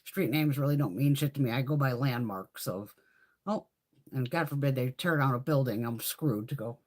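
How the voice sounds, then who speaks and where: A woman's voice: very deep voice, moderate pace. A middle-aged woman hosting a livestream, telling a story in casual chat, swearing freely and acting out other people's lines. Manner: profane, animated, mimics others in quoted voices. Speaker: beauty livestream host.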